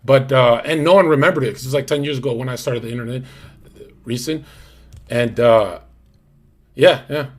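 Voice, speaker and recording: Husky-voiced young man chatting on stream. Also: medium pitch, normal speed, pauses often. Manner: rambling, slangy, many fillers and restarts. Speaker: livestream host. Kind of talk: casual livestream chat.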